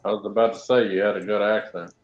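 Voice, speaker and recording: A man's voice: on the low side, fairly even intonation, fast talker, lo-fi sound. A man chiming in with brief remarks during a live stream.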